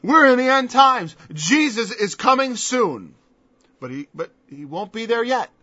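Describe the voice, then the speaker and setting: A man's voice: very high-pitched, sing-song, a little slow, sharp tone, no room sound. A man preaching a sermon, emphatic and scornful, firing off rhetorical questions on a dull lo-fi recording.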